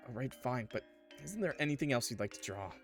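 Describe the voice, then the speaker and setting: A man's voice: mid-range voice, expressive, fast, faint music behind, close to an everyday voice. Casting: man doing an anxious young guy, hesitant, stammering, game voiceover. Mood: nervous. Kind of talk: game voice acting.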